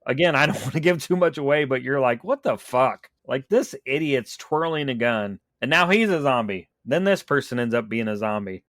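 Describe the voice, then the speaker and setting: Man, medium pitch, easygoing podcast co-host, dry close mic. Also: lively intonation, brisk, few pauses, a bit bright, no echo. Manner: laid-back, swears casually. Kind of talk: casual podcast chat.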